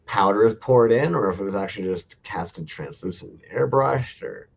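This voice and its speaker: A man's voice: fairly low pitch, expressive, normal speed, vocal fry, breathy edge, dull audio. A man co-hosting a casual livestream chat, laid-back and rambling, swearing freely. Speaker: co-host.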